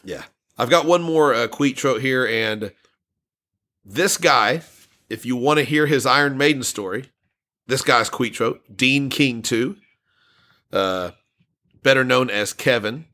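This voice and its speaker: Bright-voiced man co-hosting a podcast. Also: medium pitch, measured pace, long pauses. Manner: laughs often, reads listener comments aloud. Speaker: podcast co-host. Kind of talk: casual podcast chat.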